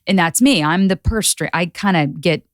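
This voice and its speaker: A woman guest on a podcast, chatting casually and acting out quotes with lively voices. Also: on the low side, moderate pace, no room sound, clean studio sound. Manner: animated storyteller acting out quotes. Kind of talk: casual chat.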